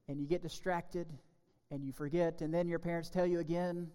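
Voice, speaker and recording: A man preaching as a pastor, reading scripture and a fable to children, then giving a sermon in an emphatic, measured way. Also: a little high, flat delivery, mellow, smooth, big-room sound.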